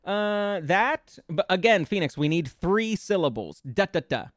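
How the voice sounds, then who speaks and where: A playful male streamer with a fairly high voice, chatting loosely with his viewers and thinking out loud as he tosses around word ideas. He talks close to the mic in a dry, dead room. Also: big pitch swings, a little slow, dry recording. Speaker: VTuber streamer. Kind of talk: casual live-stream chat with viewers.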